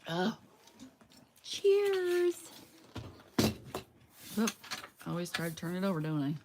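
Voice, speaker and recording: Lady chatting thru her craft stream, gravelly voice, kinda slow, bit of hiss behind. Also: fairly low pitch, wildly swooping pitch. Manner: chatty, talks to herself while working. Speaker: crafting livestreamer. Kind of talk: casual crafting chat to viewers. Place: her home loft.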